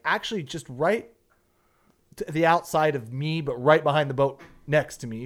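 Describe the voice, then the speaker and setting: A young man who works as a fishing guide, telling a story in casual podcast talk, animated and swearing freely. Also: a little high. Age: young adult. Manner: animated, swears often, acts out quotes.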